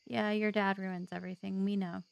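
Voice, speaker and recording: A woman's voice: mid-range voice, little pitch movement, a little fast, creaky, highs cut off, slight background noise. A woman hosting a let's play, giving casual gameplay commentary with chatty, joking asides to viewers.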